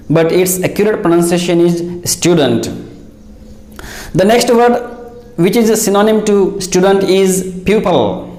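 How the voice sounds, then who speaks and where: A slow, measured male teacher with a fairly high voice walks through pronunciation, spelling each word out letter by letter. He sounds like he is recording in an echoey room. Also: a little mellow. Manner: deliberate, spells words out letter by letter. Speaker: English teacher. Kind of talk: pronunciation lesson.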